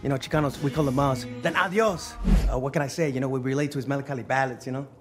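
An actor playing a chatty ex-con sidekick who rambles through long stories in a film. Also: male voice, medium pitch, racing, lightly acted. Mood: rambling. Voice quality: rambling storyteller voicing everyone in his tales. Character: rambling, excitable man, a friendly small-time ex-con. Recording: film clip with music behind.

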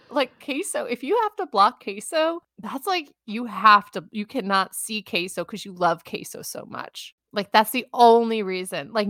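A woman's voice: medium pitch, fairly bright tone, no room sound, studio quality. A woman co-hosting a casual podcast chat, giggly and emotional, sometimes putting on a game-show announcer voice. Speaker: podcast co-host.

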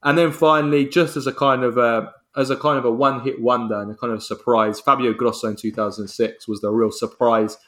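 A male podcast co-host talking football with real enthusiasm, rattling through facts. His voice sits in an ordinary middle pitch, and he often breaks off and restarts mid-sentence as he talks. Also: steady tone, a bit bright. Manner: enthusiastic, rapid listing with frequent restarts.

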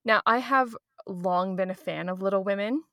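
A woman co-hosting a podcast in casual chat, responsive and quick to laugh, with frequent affirming murmurs. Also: medium pitch, a bit bright, no room sound, studio quality. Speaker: podcast co-host.

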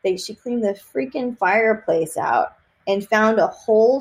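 A woman from Texas, a psychic medium, chatting in an interview and telling lively stories with many fillers and laughs. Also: medium pitch, measured pace. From Austin, Texas. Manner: animated storyteller, laughs often, many fillers. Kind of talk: casual interview chat.

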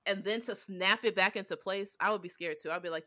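This woman co-hosts a podcast's casual anime review chat, talking fairly fast in a mid-range voice that's pushed and bright. She rambles, fills gaps freely, and acts out scenes with energy.

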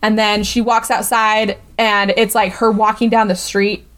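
A woman's voice: medium pitch, flat delivery, measured pace, fairly bright tone. A woman co-hosting a podcast, recapping a film in casual chat, peppering her talk with "like" and "right?" and sarcastic about what she saw. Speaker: podcast co-host.

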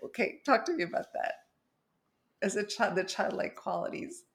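Laughing woman with a gravelly voice. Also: mid-range voice, moderate pace. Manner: animated storyteller, laughs often. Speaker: podcast host. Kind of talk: casual conversation.

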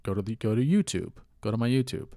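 A man's voice: on the low side, lively intonation, quick pace, warm tone, no room sound, clean studio sound. A man hosting a casual solo podcast, rambling candidly, swearing freely and laughing at himself. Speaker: podcast host.

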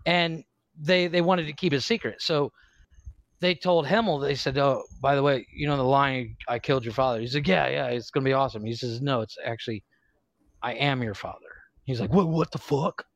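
A man's voice: medium pitch, steady tone, brisk, no echo, rough recording. A man hosting a podcast, telling a story in a rambling way, swearing freely and laughing often. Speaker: podcast host. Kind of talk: casual profane chat.

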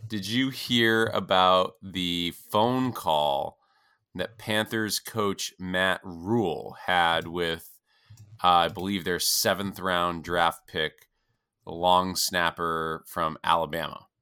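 A man co-hosting a podcast in quick, lively storytelling mode. His voice is very deep yet bright and forceful, with a smooth, clear tone. The sound is close and dry. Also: no echo. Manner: quick, animated storytelling with laughs. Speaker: podcast co-host. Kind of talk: casual podcast chat.

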